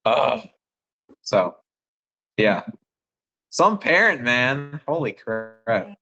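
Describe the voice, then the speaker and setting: A young man, a missionary phoning home, telling rambling, excitable stories full of fillers. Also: medium pitch, extremely slow, dull audio, soft background music. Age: young adult. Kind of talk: casual phone chat with family.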